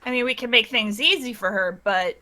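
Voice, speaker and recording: A woman's voice: on the high side, a little fast, sharp tone. A woman chatting casually as a tabletop game player, rambling and playful and laughing often. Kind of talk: casual chat.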